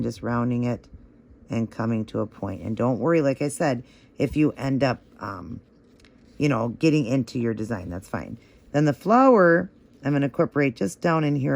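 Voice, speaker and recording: Male tutorial host, mid-pitched, gravelly with vocal fry, chatty and encouraging. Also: a little mellow. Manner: chatty and encouraging, gushing over the results. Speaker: nail art tutorial host. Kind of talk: step-by-step tutorial narration.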